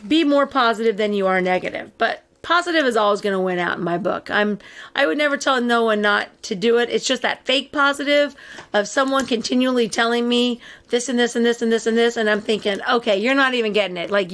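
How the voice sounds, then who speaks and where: A woman's voice: a little high, fairly bright tone. A woman co-hosting a casual podcast, talking in a rambling, sarcastic way and laughing often. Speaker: podcast co-host.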